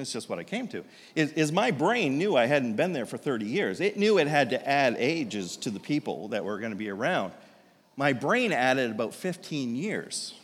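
A man in his fifties, a pastor telling a story in a sermon, animated and self-deprecating, with frequent restarts. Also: fairly high pitch. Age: 50s. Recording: long hall reverb.

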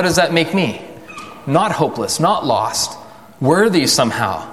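A man preaching a sermon in a conversational way, asking the listeners questions and slowing down for emphasis. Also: a little high, big pitch swings, fairly bright tone, in a large hall, slight background noise. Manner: conversational, rhetorical questions, dramatic slow emphasis.

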